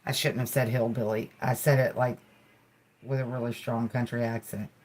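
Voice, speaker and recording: A woman hosting a healing livestream, speaking soothing affirmations and chatting casually with soft, giggly asides. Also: extremely low pitch, flat delivery, moderate pace. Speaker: livestream host.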